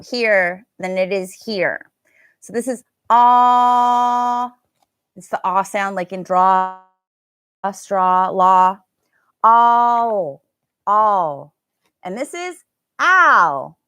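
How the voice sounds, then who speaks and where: Slow, bright-voiced woman teaching pronunciation. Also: medium pitch, no room sound, studio quality. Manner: chatty, drawn-out demonstration of vowel sounds. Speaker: English teacher. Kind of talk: live online pronunciation lesson.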